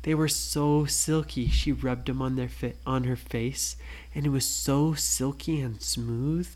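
A parent improvising a bedtime story, speaking softly and often asking the listener questions. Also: mid-range voice, fairly even intonation, a little slow. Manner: soft, hushed, asks listener questions.

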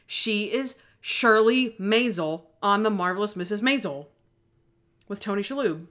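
A young woman in casual chat, retelling TV episodes with quick acted-out lines. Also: medium pitch, animated, fairly bright tone. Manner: chatty retelling of TV scenes, acting out lines.

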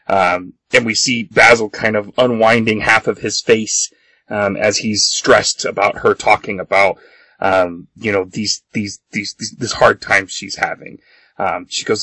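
Man, casual podcast co-host, halting ums, dry close sound. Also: fairly low pitch, breathy edge, dry recording, poor audio. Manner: relaxed, agreeable, halting with ums. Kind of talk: casual comic recap.

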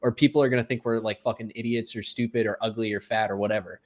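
A man's voice: fairly low pitch, steady tone, fast. A man in casual chat, speaking candidly and a bit rambling about personal lessons. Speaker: podcast co-host.

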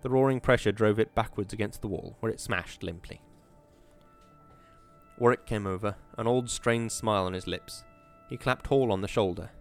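Audiobook narrator, man, low voice, steady and measured, faint music under.

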